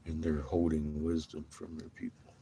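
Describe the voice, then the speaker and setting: A man's voice: a bass voice, flat delivery, moderate pace, creaky, background noise. A man vlogging from inside a vehicle, chatting to viewers with frequent laughs and cooing baby talk at a puppy. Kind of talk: casual chat to viewers.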